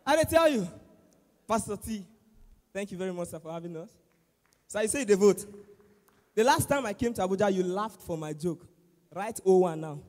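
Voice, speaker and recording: Loud Nigerian comedian in echoey church hall. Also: male voice, high voice, brisk, pauses often. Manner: loud, animated, acts out exchanges with pastor. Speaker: stand-up comedian at a church service. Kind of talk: stand-up comedy in Nigerian Pidgin and English. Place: large church auditorium. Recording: echoey hall with long reverb.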